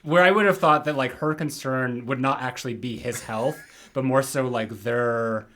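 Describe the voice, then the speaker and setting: Man, podcast co-host, medium pitch, lots of fillers, trails off. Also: normal speed, fairly bright tone. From abroad from his co-host. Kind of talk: casual chat.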